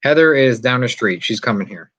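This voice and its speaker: A chatty man hosts a loose live stream, wandering from one thought to the next as he answers comments. His voice sits in a middling pitch. The stream audio is a little dull and lo-fi. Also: expressive, brisk, fairly bright tone, husky. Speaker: vlog host. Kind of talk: casual live-stream chat with viewers. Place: inside a yurt.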